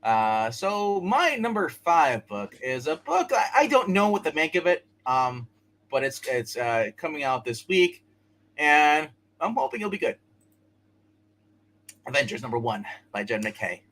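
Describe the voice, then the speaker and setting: A man co-hosting a live comic book chat, talking in a quick, rambling, joking way. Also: a little high, sing-song, fairly bright tone. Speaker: co-host. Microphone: live stream setup.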